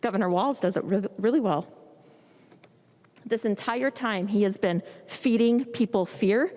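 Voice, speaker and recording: A woman's voice: medium pitch, a little mellow. A woman legislator with a Minnesotan accent speaking indignantly and emphatically in a floor debate in a large chamber. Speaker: state legislator. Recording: long reverb of a large chamber.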